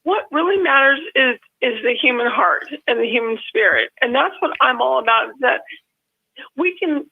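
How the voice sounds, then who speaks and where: A woman's voice: high voice, expressive, moderate pace, gravelly, slightly rough. A woman calling in to a live show, telling a heartfelt story through tears and rambling restarts over a phone line. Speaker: call-in guest. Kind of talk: emotional call-in chat. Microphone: telephone.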